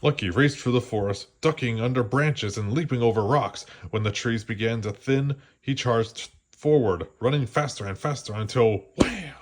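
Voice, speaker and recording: A man reading a children's storybook aloud, gently slowing down for the suspenseful parts. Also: medium pitch. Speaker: storybook reader. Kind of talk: children's read-aloud narration.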